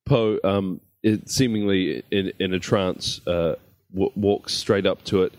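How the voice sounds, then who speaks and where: A man's voice: low-pitched, fairly even intonation, darkish tone, dry recording. A man playing a tabletop game, describing his character's moves in an amused way. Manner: slow, amused, laughing often. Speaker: player.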